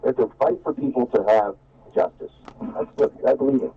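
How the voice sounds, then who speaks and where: A man's voice: medium pitch, brisk. A man calling in to a talk show, earnest and rambling, restarting his sentences. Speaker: caller. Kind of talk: call-in opinion. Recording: tinny phone line.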